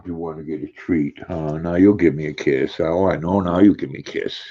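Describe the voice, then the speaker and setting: An older man chatting casually on a live stream, greeting viewers by name and cooing softly to his dog. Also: extremely low pitch, steady tone, fairly quick, dull audio, slight background noise.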